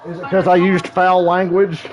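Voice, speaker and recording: A man streaming a live football reaction, loud, profane and animated. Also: sits high, normal speed, lo-fi sound, faint music behind.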